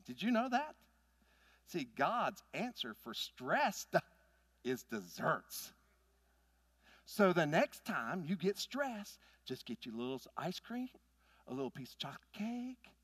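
A man, preaching a sermon in an animated, folksy storytelling manner. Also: fairly high pitch, breathy edge, no room sound. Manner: animated, folksy storytelling with big swings in loudness. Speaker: pastor.

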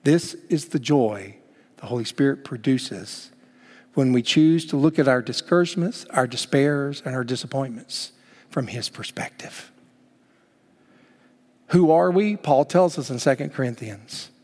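Male preacher, emphatic sermon, middle-pitched voice, long church reverb. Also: unhurried. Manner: emphatic preaching, swings from loud to hushed. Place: church sanctuary.

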